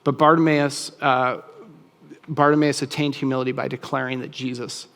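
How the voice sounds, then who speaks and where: A man's voice: medium pitch, little pitch movement, moderate pace, fairly bright tone, long reverb tail. A man preaching a sermon as a pastor, in a casual, conversational way with frequent restarts.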